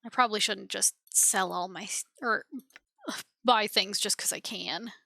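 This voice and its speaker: A woman's voice: medium pitch, unhurried, vocal fry, pushed and bright, no echo. A young woman streaming a game, chatting playfully and reading the text aloud. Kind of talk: casual game commentary.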